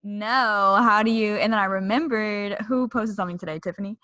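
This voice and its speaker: A woman co-hosting a podcast, reacting with quick interjections and sharing her own story in casual chat. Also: medium pitch, fairly even intonation, sharp tone. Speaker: podcast co-host.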